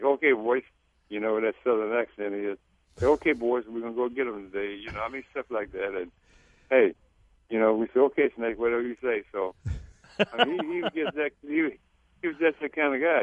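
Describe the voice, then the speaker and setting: A man, a former teammate, speaking as a guest on a phone-in radio interview in a halting, reflective way that repeats words. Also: lowish voice, no echo. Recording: tinny phone line.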